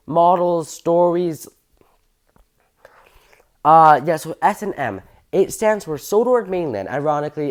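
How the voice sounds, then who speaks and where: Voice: medium pitch, a little mellow. Enthusiastic rambling train-fan video host. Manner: enthusiastic, rambling, self-correcting. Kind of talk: casual fan commentary video.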